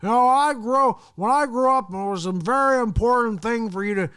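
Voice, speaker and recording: A man's voice: very high-pitched, a bit bright, smooth, pitched above the performer's own voice. A man doing an impression of a rambling elderly male politician who drags out his words and trails off. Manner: halting, trailing off, drawn-out words.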